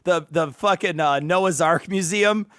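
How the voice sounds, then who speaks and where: A man's voice: high voice, a little slow, no room sound. A man co-hosting a comedy podcast, swearing freely and laughing a lot in casual chat. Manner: profane, animated, laughs often. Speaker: podcast co-host.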